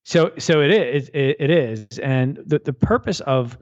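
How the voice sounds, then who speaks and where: A man's voice: mid-range voice, a little slow, highs cut off. A man who is an author and guest on a radio interview, telling a parable with lots of energy and often repeating words as he restarts a thought.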